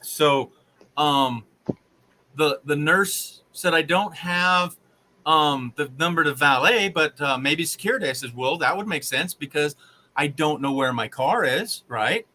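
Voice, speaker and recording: A man tells a long story to his live viewers, rambling and exasperated. His voice sits a little high and sounds bright and tense. Faint noise hums under it. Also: measured pace, rough recording. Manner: rambling, exasperated, animated retelling. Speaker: live stream host.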